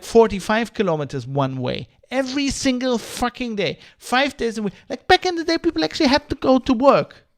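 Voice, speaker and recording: A man hosting a podcast livestream, ranting in a heated, profane, rambling way. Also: high-pitched. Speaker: podcast host.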